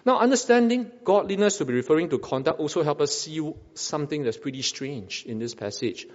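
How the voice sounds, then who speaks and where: A man's voice: a little high, expressive, a little fast, big-room sound, highs cut off. A man preaching a sermon, asking rhetorical questions and repeating phrases for emphasis. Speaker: pastor.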